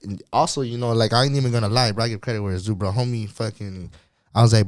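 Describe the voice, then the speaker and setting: A man's voice: fairly low pitch, steady tone, quick pace, no room sound, clean studio sound. A man guesting on a podcast interview, talking in a laid-back, slangy way and laughing often. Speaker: guest singer.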